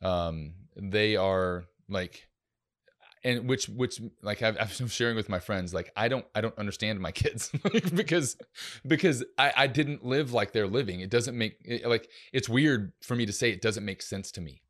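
A middle-aged man hosting a casual faith-based parenting podcast, talking in a relaxed, rambling way with many fillers. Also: lowish voice, normal speed. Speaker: podcast host, youth minister.

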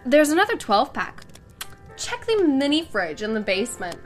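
A woman's voice: high-pitched, sing-song, moderate pace. An actress playing Melissa, an adult wife and hostess who checks on her upset husband, over faint music. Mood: offhand.

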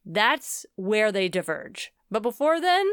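A woman co-hosting a podcast in casual chat, animated and chatty, often ending her sentences with "okay?". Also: mid-range voice, slow, clean tone, no room sound, studio quality. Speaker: podcast co-host.

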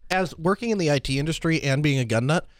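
A man's voice: a little high, expressive, fast, no room sound, studio quality. A man co-hosting a casual podcast chat, talking eagerly about gear and tools. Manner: enthusiastic, tech and gear talk. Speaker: podcast co-host.

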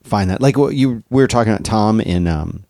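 Low-voiced man musing in hesitant chat. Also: lively intonation, fairly quick, gravelly, a little mellow, no echo, studio quality. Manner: thoughtful, hesitant, many restarts. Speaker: podcast co-host. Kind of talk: casual chat.

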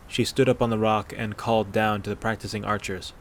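A man narrating a fan-fiction story aloud in a steady, measured way. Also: fairly low pitch, slight background noise.

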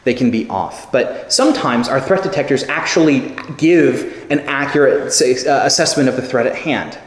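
A man preaching a sermon, telling stories with lively acted-out quotes. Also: mid-range voice, moderate pace. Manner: animated storytelling with acted quotes. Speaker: pastor. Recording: echoey hall with long reverb.

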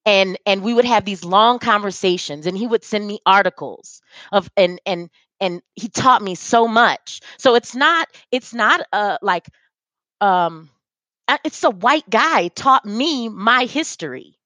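A woman's voice: medium pitch, animated, unhurried, fairly bright tone, no echo. A woman guest talking on a video call, emphatic and profane, often restarting her sentences. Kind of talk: casual conversation.

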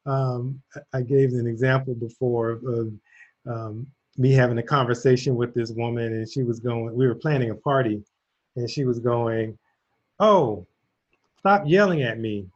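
A man's voice: mid-range voice, flat delivery, normal speed, darkish tone. A man hosting a casual conversation, speaking reflectively and telling a personal story with laughs. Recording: dull lo-fi audio.

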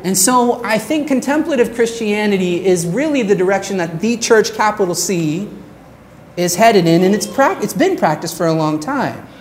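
A woman pastor preaching a sermon in an earnest way, slowing down on her key phrases. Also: medium pitch, animated, darkish tone.

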